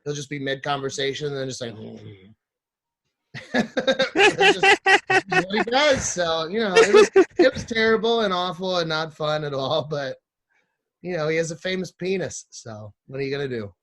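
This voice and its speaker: A man in a slightly raised voice tells a crude comic story, jumping into other people's lines as he goes. His delivery is animated and full of swearing. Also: high-pitched, normal speed. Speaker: podcast guest.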